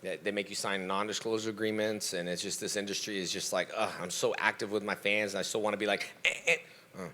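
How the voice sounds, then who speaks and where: This convention panel guest speaks fast in a fairly low, bright, forceful voice. Fielding fan questions the way the karate teacher he is would, he offers motivation about believing in yourself, adopting animated voices for every quote.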